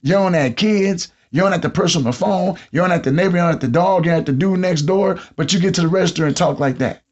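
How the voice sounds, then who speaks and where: A man with a Southern US accent hosting a podcast, telling comedic stories about his job and mimicking customers in an animated way. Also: sits high, quick pace. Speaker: podcast host. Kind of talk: comedic monologue. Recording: dull lo-fi sound.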